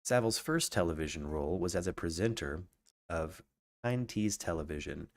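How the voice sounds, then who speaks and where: A man's voice: sits low, animated, normal speed. A man hosting a live true crime podcast stream, reading facts aloud and breaking off to chat casually with viewers. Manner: reads facts aloud then riffs casually, greets chat viewers, many restarts. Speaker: podcast host.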